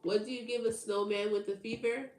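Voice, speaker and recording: A woman's voice: medium pitch, fairly even intonation, brisk, darkish tone, echoey room. A woman hosting a tarot livestream, chatting casually with viewers in a teasing, slangy way and laughing often. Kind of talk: casual live chat with viewers.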